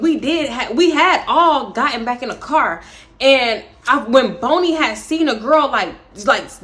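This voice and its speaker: A young woman telling a storytime vlog, animated and profane, breaking into laughter. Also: high-pitched. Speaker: vlogger, storytime host.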